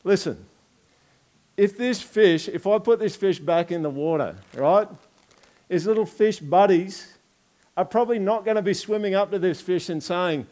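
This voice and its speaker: An Australian man preaching in a loose, chatty way, mixing jokes with rhetorical questions to the congregation. His voice sits a little on the high side for a man. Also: normal speed, a little mellow. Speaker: pastor. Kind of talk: conversational sermon with object lesson.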